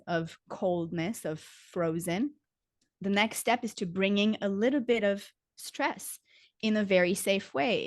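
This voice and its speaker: A woman, a yoga teacher and somatic coach, calmly explaining things as an interview guest and often saying "like.". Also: medium pitch, no room sound, clean studio sound. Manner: calm, teaching, uses "like" often. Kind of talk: casual explanatory interview talk.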